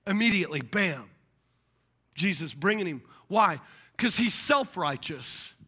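A middle-aged man delivers a sermon in a strikingly high voice. His pitch leaps around as he acts out the voices of the people in his stories, and his tone is bright and forceful. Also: measured pace, slightly rough. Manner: animated preaching with acted-out voices. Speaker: pastor.

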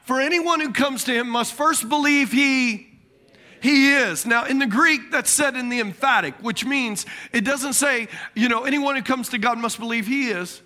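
A man preaching a sermon, asking the congregation questions, repeating key words and swinging between loud bursts and quiet lines. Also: very high-pitched, normal speed. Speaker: pastor.

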